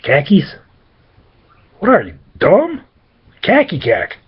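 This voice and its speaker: A man voicing a blunt, impatient young male fighter with a husky voice. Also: high voice, huge pitch swings, slow pace, lo-fi sound, voice pushed up, exaggerated voice. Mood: incredulous. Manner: blunt, incredulous.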